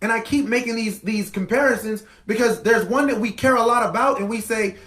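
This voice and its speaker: Guy with a really high voice ranting hard on his podcast, keeps repeating stuff for emphasis, roomy echo. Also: fairly quick, few pauses, a bit bright. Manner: impassioned, emphatic, repetitive for effect. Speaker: podcast host. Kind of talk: monologue commentary.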